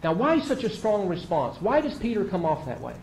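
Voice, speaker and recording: Conversational preacher man, slightly high voice. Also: huge pitch swings, a little fast, a little mellow. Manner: conversational, vivid storytelling with emphatic repeats. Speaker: pastor. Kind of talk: sermon. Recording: echoey room with faint noise.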